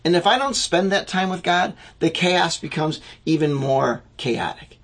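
A man preaching a sermon as pastor, talking in a slow, reflective way with occasional fillers. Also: fairly high pitch, a bit bright.

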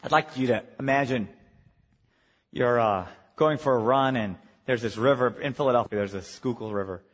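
A man preaching a retreat sermon, animated, swinging from hushed lines to shouting. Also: mid-range voice, moderate pace, muffled recording. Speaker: pastor. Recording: long hall reverb.

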